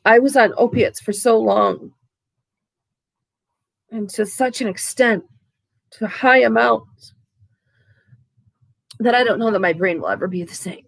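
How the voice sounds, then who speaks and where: A woman vlogger speaking candidly and haltingly about her own recovery, with frequent restarts. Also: a little high, vocal fry, dry recording. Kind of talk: candid, emotional to-camera talk.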